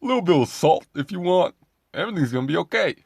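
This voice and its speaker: Man doing a sing-song diet guru impression, loud, high, mocking, gravelly edge. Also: animated, fast talker, dry recording, clean studio sound, full character voice. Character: breezy upbeat male diet guru, reassuring.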